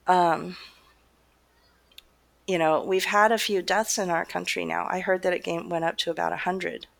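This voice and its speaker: A woman's voice: fairly low pitch, steady tone, moderate pace, vocal fry, a bit bright. A middle-aged woman talking casually as a guest, laughing often and rambling with many fillers. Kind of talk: casual conversation.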